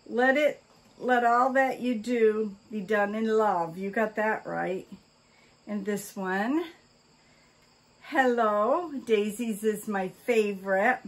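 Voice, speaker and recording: An older woman chatting casually while she opens fan mail, gushing with oohs, gasps and exclamations of delight. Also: mid-range voice. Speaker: vlogger opening fan mail. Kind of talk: casual mail-opening chat.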